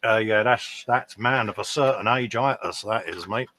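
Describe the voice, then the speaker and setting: A man's voice: on the low side, normal speed, sharp tone, slight background noise. A man joining a live model-making stream as a guest, teasing the host in dry, matey banter. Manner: teasing, dry, calls people mate, laughs often. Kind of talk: casual late-night banter.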